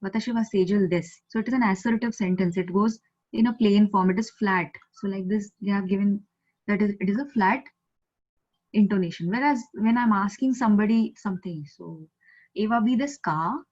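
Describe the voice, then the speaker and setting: A woman from India with an Indian English accent, teaching a Japanese lesson over a video call, patiently repeating words slowly for learners. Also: medium pitch, fairly even intonation, a little mellow. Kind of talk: online language lesson. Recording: slightly muffled video call audio.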